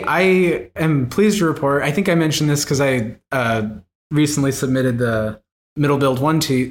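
A man from the United States chatting on a podcast, rambling and self-deprecating, with frequent laughs. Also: medium pitch. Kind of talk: casual podcast chat.

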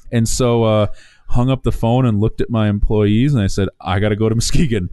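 A man casually telling the story of buying a business, animated, acting out quoted dialogue with restarts. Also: lowish voice, brisk, no room sound. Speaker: small business owner telling his story.

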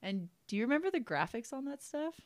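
A young woman who works as a teacher, telling stories in a casual chat, animated and full of "like" and "um.". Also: high-pitched, quick pace, no room sound. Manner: animated storyteller, filler-heavy, laughs often. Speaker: teacher, guest.

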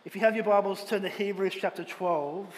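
A pastor preaching a Sunday sermon with earnest, emphatic delivery, speaking in a church auditorium. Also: male voice, high-pitched, steady tone, a little fast. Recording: long hall reverb, faint ambient noise.

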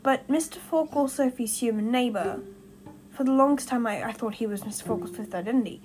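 Her voice sits a little high and runs a little fast as she hosts a casual fan-theory podcast from home beside a window. She's rambling, self-correcting and giggly, over background music on a rough recording.

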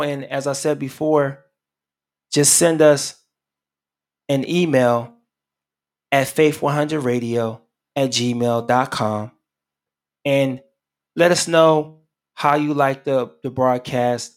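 A man at mid pitch closes his sermon on a live radio broadcast, then leads a prayer that keeps coming back to the same phrases. He talks loosely, with frequent fillers and restarts. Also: steady tone, takes it slowly, pauses often. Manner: repetitive prayer cadence, many fillers. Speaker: radio preacher.

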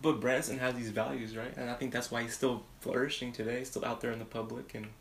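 A man co-hosting a casual podcast chat, relaxed and slangy. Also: medium pitch, quick pace, vocal fry, reverberant. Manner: relaxed, slangy, calls people man and bro. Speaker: podcast co-host.

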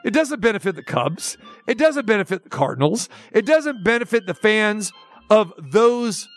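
A man hosting a sports talk radio show, ranting with sarcasm and animated energy. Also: high voice, moderate pace, soft background music.

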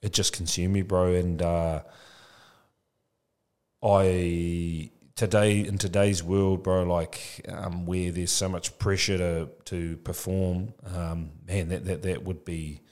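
A man of about forty with a low, deep voice speaks as a podcast guest. He talks loosely and frankly, dropping "bro" into nearly every thought. His delivery is reflective and open. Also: level tone, slow pace, darkish tone. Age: 40s. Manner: casual, says "bro" often, frank and reflective. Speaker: podcast guest, childcare business founder. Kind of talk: candid conversational interview.

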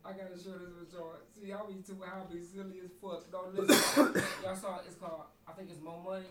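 A man with a fairly high voice hosting a laid-back podcast. He jokes and tells stories in loose slang. His voice carries a roomy echo. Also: a little fast, crowd noise. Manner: loose slangy banter, animated storytelling. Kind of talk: casual chat.

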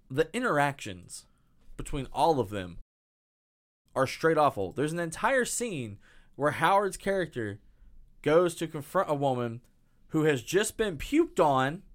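A man's voice: a little high, fairly bright tone, no room sound, studio quality. A young man casually riffing on a bad movie, swearing a lot, laughing often and acting out the characters in mocking voices. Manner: profane, laughing, acts out scenes in mocking voices. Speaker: podcast co-host.

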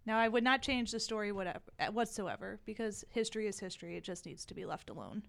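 A woman's voice: mid-range voice, lively intonation, fast, gravelly. A woman giving blunt, dry opinions in a casual podcast chat.

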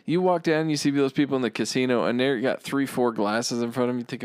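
Rambling podcast host, dry close sound. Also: male voice, mid-range voice, fast talker, hardly any pauses, smooth, no room sound. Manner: rambling, questioning, self-interrupting. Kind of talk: casual podcast banter.

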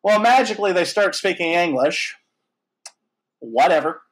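Animated man telling a story, higher voice. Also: normal speed, poor audio. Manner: animated, lively storyteller with frequent fillers and mild swearing. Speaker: podcast host. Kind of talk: casual storytelling chat.

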